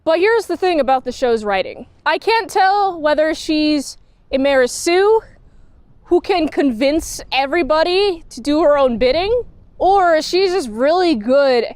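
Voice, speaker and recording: A woman with a bright, high voice talks through a TV season in a casual, critical review. She is blunt and sarcastic and slips into quick quoted voices for the characters. The sound is dry, with no room echo.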